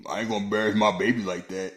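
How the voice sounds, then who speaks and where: A man co-hosting a casual movie-review podcast, joking and animated, often slipping into mock voices. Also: racing, echoey room. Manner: animated, jokey, slips into high-pitched mock voices. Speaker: podcast co-host.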